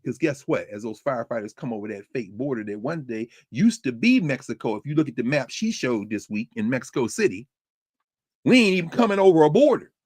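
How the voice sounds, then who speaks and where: A man's voice: medium pitch, lively intonation, fairly quick, few pauses, a little mellow, slightly rough, dry recording, studio quality. A man hosting a podcast, delivering a rhetorical spoken essay with a preacherly cadence. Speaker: podcast host.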